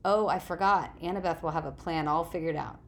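Lady reading a wry skeptical teen boy, kinda low and gravelly. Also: brisk. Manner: sarcastic, questioning.

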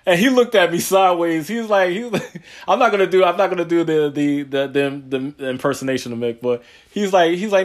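A man's voice: high voice, a little fast. A man hosting a podcast in casual chat, telling rambling stories with lots of laughter and slangy asides. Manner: animated rambling storyteller, laughs often; slangy, says yo and man a lot. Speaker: podcast host.

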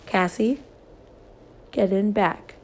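A woman reading aloud, voicing a big, strong, calm man who speaks quietly and gently. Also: medium pitch, normal speed, close to an everyday voice. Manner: quiet, gentle, urgent when warning.

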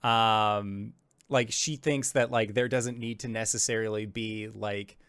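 A man's voice: fairly low pitch, fairly even intonation, a little slow, a bit bright, clear, resonant tone, dry recording. A man narrating as game master of a tabletop game, rambling with lots of fillers.

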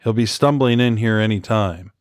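Man voicing a terse firm gunman, quiet and low, dry close sound. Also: normal speed, dry recording, lightly acted. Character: quiet, firm male armed operative.

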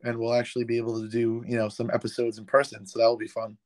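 A man co-hosting a podcast over a remote call, his voice still a little hoarse from a cold, talking in a loose, hesitant way with many fillers. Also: medium pitch, monotone, fast, a little mellow, dry recording. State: slightly hoarse, recovering from a cold. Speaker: podcast co-host. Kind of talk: casual chat.

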